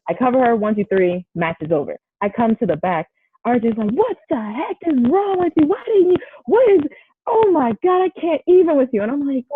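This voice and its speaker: Woman, young adult, wrestler guest, animated storyteller, dry sound, tinny line. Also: medium pitch, breathy edge, dry recording. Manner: animated, acts out quoted dialogue. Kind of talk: casual interview storytelling.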